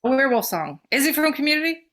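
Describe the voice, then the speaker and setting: A woman's voice: high voice, sing-song, rapid-fire, fairly bright tone. A woman co-hosting a podcast in casual, chatty talk, swearing freely and laughing easily. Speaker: podcast co-host. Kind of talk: casual chat.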